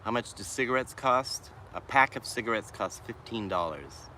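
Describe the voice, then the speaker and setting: A mid-range, expressive male voice with a sharp tone is heard over a little hiss or hum. The faintly Boston-accented livestreamer sits in the shade of a wooded city park, answering viewer comments in a slow, musing manner and frequently trailing off to restart.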